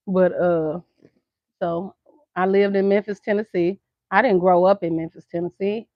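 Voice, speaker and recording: A woman's voice: fairly low pitch, steady tone, moderate pace, no echo. A middle-aged woman with a Southern American accent, chatting casually to her viewers and laughing often. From United States. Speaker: vlogger. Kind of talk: casual chat to camera. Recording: dull lo-fi sound.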